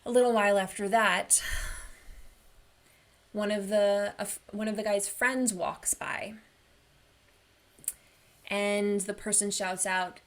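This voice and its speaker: A woman's voice: mid-range voice, steady tone, takes it slowly, long pauses. A woman wellness coach giving an online workshop in an earnest, personal storytelling manner.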